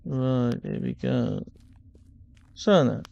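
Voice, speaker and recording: A man gives casual commentary on his game playthrough, thinking aloud as he plays. His voice is smooth with some gravel in it, and he talks slowly. The recording is dull and a little lo-fi. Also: medium pitch, animated, dark tone. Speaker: gaming channel host.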